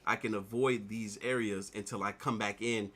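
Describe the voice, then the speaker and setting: A man in his thirties, an artist vlogger, casually telling a personal story in a rambling, animated way while he works on a drawing. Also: fairly low pitch, normal speed, slightly rough. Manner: rambling, animated retelling with repeated "like".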